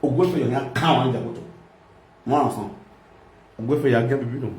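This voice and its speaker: A man with a Nigerian accent hosting a live video, giving a loud, sing-song political rant that mixes pidgin and local languages. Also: medium pitch, a little fast, distant mic, slight background noise. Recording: echoey room.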